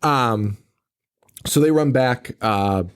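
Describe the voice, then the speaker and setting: A man's voice: mid-range voice, slow pace, clear, resonant tone. A man co-hosting a horror movie podcast, telling the plot in a loose, swearing way and acting out the characters' lines. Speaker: podcast co-host. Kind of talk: casual podcast movie chat.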